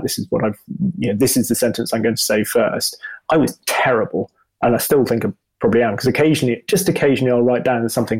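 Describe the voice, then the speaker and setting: A man's voice: medium pitch, darkish tone, husky, low-quality recording. A middle-aged man, a motoring journalist, answering interview questions in a rambling, self-deprecating way with many restarts. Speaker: motoring journalist and video presenter.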